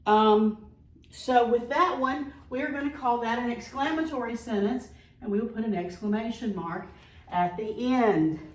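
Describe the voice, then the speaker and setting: A woman teacher reading example sentences slowly and explaining grammar step by step in a patient, careful way. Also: on the high side. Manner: slow, patient, reads sentences aloud carefully. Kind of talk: recorded classroom lesson. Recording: echoey room, far from mic.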